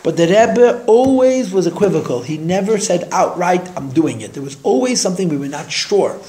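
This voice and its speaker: A man teaching a class, telling a story in an animated way and raising his voice when he quotes people, often repeating words as he thinks. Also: sits high, normal speed. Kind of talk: storytelling lecture.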